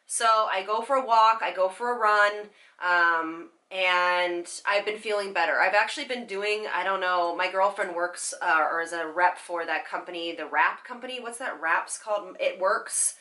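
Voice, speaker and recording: A young woman talking candidly and haltingly to her viewers in a personal vlog, tearful at times, with many fillers. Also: medium pitch, sharp tone. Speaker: vlogger.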